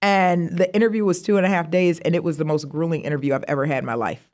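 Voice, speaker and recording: A middle-aged woman, a university vice president, telling stories in a casual interview, animated and jumping high in pitch when she quotes herself. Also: quick pace. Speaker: guest, university vice president of student affairs.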